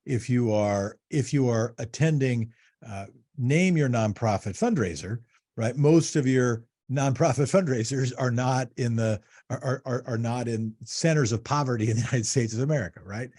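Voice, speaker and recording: A man's voice: medium pitch, moderate pace, a little mellow. A man hosting a podcast interview, asking probing questions in a conversational way and often restarting his phrases. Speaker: podcast host.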